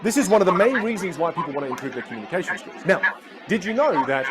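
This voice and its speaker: Brief: lively higher-voiced male coach, live class, loud crowd noise underneath. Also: fast. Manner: energetic, animated storytelling. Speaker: communication coach. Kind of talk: live online masterclass.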